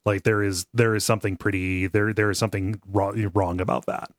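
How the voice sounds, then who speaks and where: Low-voiced man rambling casually. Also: level tone, fairly quick, no echo, clean studio sound. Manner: rambling, lots of fillers, laughs often. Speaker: podcast co-host. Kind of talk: casual chat recapping a cartoon episode.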